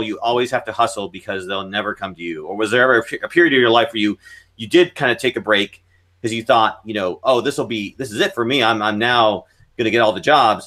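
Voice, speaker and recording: A man's voice: on the low side, a bit bright. A man hosting a photography podcast, asking long winding questions filled with "you know". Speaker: podcast host. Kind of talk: podcast interview.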